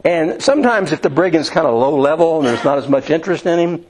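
Brief: male preacher, slightly higher voice, homespun storyteller, halting restarts, sermon delivery. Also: animated, a little mellow, low-quality recording. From Indiana, USA. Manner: folksy storytelling with many restarts and fillers.

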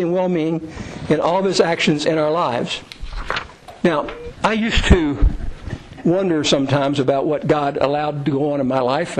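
A middle-aged man preaching a sermon in a conversational way, acting out quoted prayers in a raised voice. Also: low-quality recording. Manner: conversational, acts out quoted prayers with rising pitch. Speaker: pastor.

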